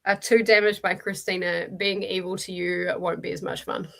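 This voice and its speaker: Kiwi lady streamer, gravelly fry in her voice, chatty and laughing, reads out chat. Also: on the low side, flat delivery, normal speed, fairly bright tone. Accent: New Zealand. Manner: chatty, laughs often, restarts and fillers while reading chat aloud. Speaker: streamer hosting a reading sprint. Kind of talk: casual livestream chat reading out comments.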